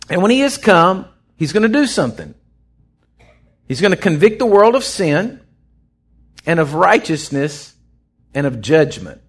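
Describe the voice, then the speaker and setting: A man preaching an off-the-cuff sermon, acting out voices as he goes. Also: sits high. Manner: animated, acts out voices in his storytelling. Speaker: pastor.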